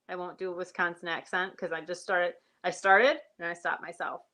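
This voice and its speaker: A middle-aged woman chats live about her flock, rambling from one story to the next and stopping to greet viewers by name. Her voice sits a little low yet comes across bright and forceful. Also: steady tone, brisk, hardly any pauses. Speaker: sheep and goat farmer hosting a livestream. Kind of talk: casual live-stream chat.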